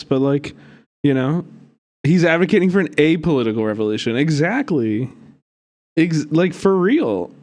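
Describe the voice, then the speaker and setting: A man streaming live, reacting to clips with mocking, profanity-laced commentary and frequent laughter. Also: fairly high pitch. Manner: animated, cursing, mocking, laughs often. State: hiccups.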